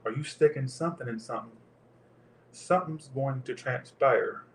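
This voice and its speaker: A man's voice: medium pitch, moderate pace, a bit bright, a little hiss or hum. A man doing a live tarot reading, talking in crude, profane, joking banter. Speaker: tarot reader. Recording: roomy echo.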